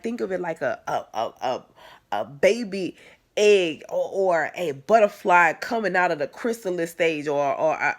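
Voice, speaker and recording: Candid woman telling a personal story. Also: lowish voice. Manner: conversational, many fillers and restarts, swings from soft to emphatic. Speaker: vlogger.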